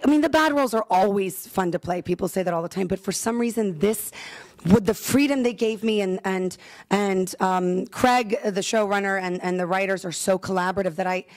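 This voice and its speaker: Actress lady chatting in an interview, lots of ums and restarts, middle pitch, animated. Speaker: actress guest. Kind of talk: casual interview chat.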